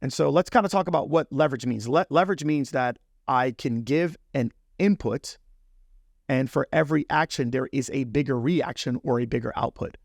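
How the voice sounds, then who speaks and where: Man, middle-aged, motivational talk host, storytelling, conversational, mid pitch, dry close sound. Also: moderate pace, vocal fry, no echo. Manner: storytelling, conversational, addresses listener directly. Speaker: podcast host.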